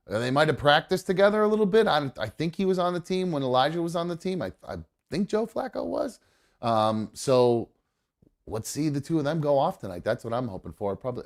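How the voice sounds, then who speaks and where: A man hosting a live show, talking excitedly and casually, swearing and rambling with lots of fillers. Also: a little high. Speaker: host. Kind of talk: live show chat about football. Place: home studio.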